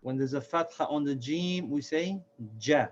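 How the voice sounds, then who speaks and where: Male instructor, slightly high pitch, patient and methodical, muffled lo-fi sound. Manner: patient, repeats each sound slowly for learners. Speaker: Quran reading teacher. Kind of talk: step-by-step recorded lesson. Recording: dull lo-fi recording.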